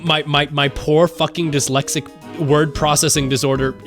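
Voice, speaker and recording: A young man streaming a game live, rambling and excitable with lots of fillers. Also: fairly high pitch, normal speed, faint music behind.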